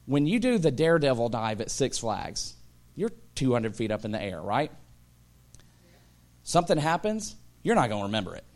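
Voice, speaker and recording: A man in his thirties, a pastor, preaching a sermon full of humorous personal stories, acting out voices and rising to excited shouts. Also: medium pitch, moderate pace. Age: 30s.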